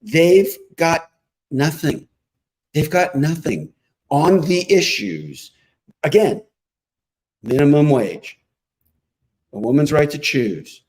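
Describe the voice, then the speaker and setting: A man's voice: on the high side, lively intonation, slow, long pauses, a little mellow, low-quality recording. A man giving emphatic, combative political commentary as a guest on a talk show. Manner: emphatic, combative, punchy rhetoric.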